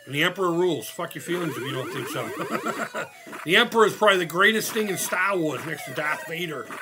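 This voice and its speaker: A man's voice: on the high side, fast, noisy background. A man chatting casually during a live retro game stream, swearing often and laughing at himself. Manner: profane, laughing, excitable. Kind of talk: casual live gameplay chat.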